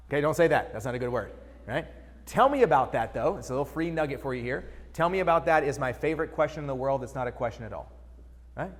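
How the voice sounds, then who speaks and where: A quick-talking man with a slightly high voice leads a keynote audience exercise. His coaching is casual and direct, and he keeps checking in with the room. A long reverb from the conference hall trails his words. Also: expressive. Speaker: keynote speaker.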